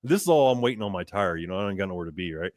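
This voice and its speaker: A man with a lowish voice tells a story on a podcast in a casual, animated way. He laughs often and acts out both sides of the exchanges. The recording is dry and close to the mic. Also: very fast, no room sound. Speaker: podcast guest.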